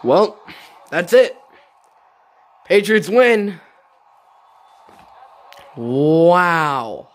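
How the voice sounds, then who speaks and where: High-voiced young man reacting excitedly. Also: drawn-out words, pauses often. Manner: exclaiming, incredulous, repeats himself. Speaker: reaction video host. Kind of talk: excited sports reaction commentary.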